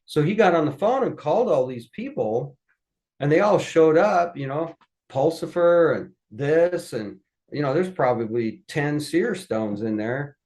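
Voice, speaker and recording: A man's voice: fairly high pitch, measured pace, rough recording. Folksy man telling family stories. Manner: folksy, lively storyteller acting out voices. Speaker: podcast guest. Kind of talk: anecdotal storytelling.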